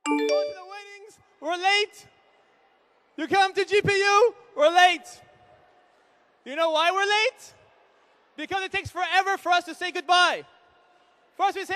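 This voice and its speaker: A man in his thirties doing animated stand-up comedy, acting out quick voices of husbands and wives on a live hall mic. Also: extremely high pitch. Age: 30s. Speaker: comedian speaker at an event. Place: large hall with an audience.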